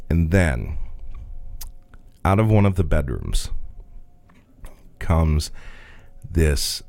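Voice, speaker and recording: A man's voice: very deep voice, lively intonation, very slow, creaky, pauses often, darkish tone, dry recording. A man co-hosting a podcast, telling a work story in a casual, profane way and laughing along. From rural Midwest US. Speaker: podcast co-host.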